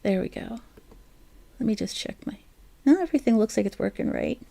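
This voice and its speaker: A woman's voice: on the high side, lively intonation, a little fast, gravelly, mellow. A woman with a South Jersey accent hosting a crochet livestream, chatty and self-deprecating, laughing often and talking to her viewers by name. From New Jersey. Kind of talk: casual live-stream chat.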